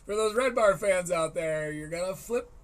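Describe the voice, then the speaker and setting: High-voiced rambling podcast host. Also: male voice, normal speed. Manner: rambling, riffing and wry. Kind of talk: casual comedy commentary and reading aloud. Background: faint harp music.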